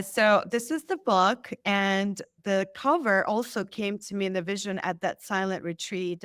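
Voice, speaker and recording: A woman guest on a podcast, telling a personal story with lively acted-out quotes. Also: medium pitch, clear, resonant tone, no room sound, studio quality. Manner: animated, acts out quoted lines. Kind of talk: storytelling in an interview.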